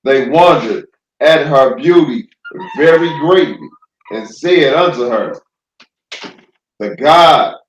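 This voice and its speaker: A man reading scripture aloud slowly, stumbling over words. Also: a little high, expressive, reverberant, a little hiss or hum, rough recording. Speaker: scripture reader.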